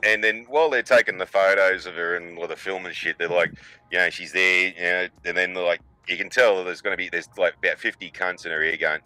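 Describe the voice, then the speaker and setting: A middle-aged man rambles through crude, profane stories in casual chat. His voice sits low but has a bright, sharp edge. The sound is dry and close. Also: steady tone, fairly quick, no echo, faint music behind, rough recording. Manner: crude, profane storytelling with mocking put-on voices. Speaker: podcast co-host.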